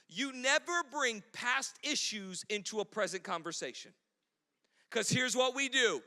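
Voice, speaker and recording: A man delivers a lively sermon in an unusually high voice, now and then acting out a shrill quarrel. His tone is bright and ringing. The sound carries the long reverb of a church hall. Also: unhurried. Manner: animated preaching, mimics quarrels in a shrill voice. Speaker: pastor.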